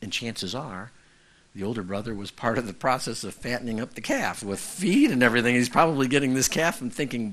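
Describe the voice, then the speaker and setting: A man's voice: on the low side, normal speed, pushed and bright. A male pastor preaching a conversational sermon who keeps checking in with the congregation.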